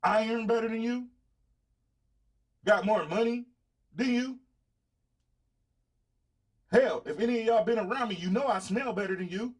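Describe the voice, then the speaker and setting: A middle-aged man with a Southern drawl talks straight to his viewers, boastful and confrontational, swearing freely. His voice sits a little high for a man. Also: measured pace, pauses often. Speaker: podcast host. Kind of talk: blunt casual monologue to viewers.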